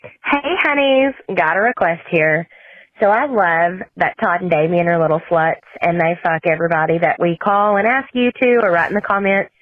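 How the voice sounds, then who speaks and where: A woman's voice: lowish voice, normal speed, no room sound. A woman leaving a gushing, giggly voicemail. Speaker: caller. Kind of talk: voicemail message. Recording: tinny phone line.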